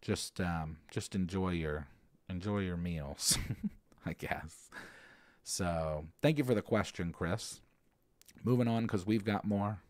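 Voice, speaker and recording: Deep-voiced man in casual rambling chat. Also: takes it slowly, no echo. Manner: rambling and animated, frequent fillers and restarts. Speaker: podcast host answering listener questions.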